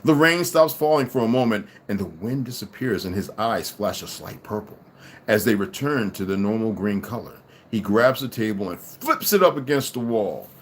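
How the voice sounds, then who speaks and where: A man's voice: on the low side, animated, normal speed, slight background noise. A man reading a story aloud to listeners and breaking off for casual asides.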